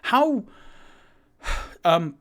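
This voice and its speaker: Man doing a jittery high-voiced do-gooder, stammers, overly polite. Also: sing-song, very slow, fairly bright tone, heavily acted. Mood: flustered. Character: timid polite lawful-good male adventurer.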